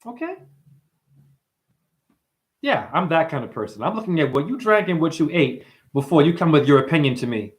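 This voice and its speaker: A man hosting a livestream and ranting preachily at his viewers, swinging between hushed asides and loud outbursts. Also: a little high, animated, fast, few pauses. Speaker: livestream host and numerology teacher.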